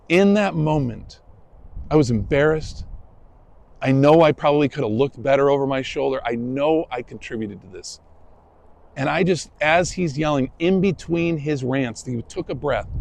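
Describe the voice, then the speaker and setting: Gravelly-voiced man preaching a sermon. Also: mid-range voice, warm tone, slight background noise, rough recording. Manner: conversational, self-deprecating storytelling. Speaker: pastor. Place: church sanctuary.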